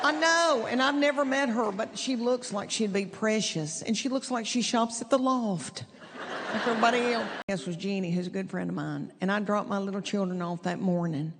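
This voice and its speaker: A woman's voice: fairly high pitch, normal speed. A middle-aged woman telling stories in stand-up comedy, folksy and self-deprecating, drawing out her punchlines. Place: theater stage. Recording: live theater with long reverb, audience laughter and noise.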